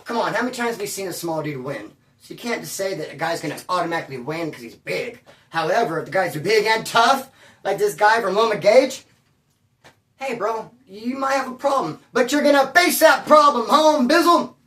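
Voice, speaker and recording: A man telling a casual story in an animated, slangy way, calling people bro and dude and stumbling over restarts when he gets worked up. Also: high-pitched, fairly quick, distant mic. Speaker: storyteller recounting prison life. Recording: roomy echo, voice away from the mic.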